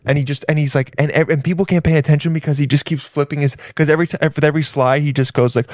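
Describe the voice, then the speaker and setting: A man's voice: on the high side, steady tone, fast talker, hardly any pauses, a little mellow, no room sound, clean studio sound. A man riffing in a crude comedic ramble, full of restarts and swearing.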